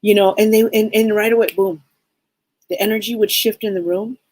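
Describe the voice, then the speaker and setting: A woman's voice: medium pitch, fairly even intonation, brisk, darkish tone, low-quality recording. A woman hosting a casual live stream as a psychic, talking to viewers in an upbeat, rambling way and often repeating her phrases.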